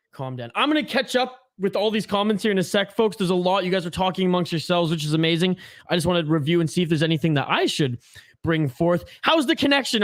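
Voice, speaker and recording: Man, live-stream host, high voice, animated chatty rant, dry close sound. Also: no echo. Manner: animated, ranting, chatty with viewers. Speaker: hockey watch-along streamer. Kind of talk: casual live-stream chat and game commentary.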